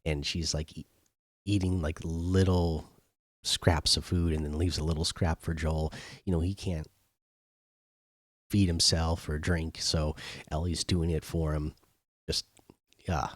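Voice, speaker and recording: Low-voiced man in a casual recap. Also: level tone, unhurried, long pauses, no room sound, studio quality. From not British. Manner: loose, filler-heavy retelling. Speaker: host.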